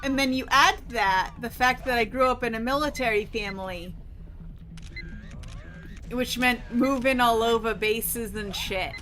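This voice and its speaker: Chatty woman streamer with a bright voice. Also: on the high side, a little slow. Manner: rambling, chatty, swears freely. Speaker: gaming streamer. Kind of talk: casual chat while playing. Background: faint game music.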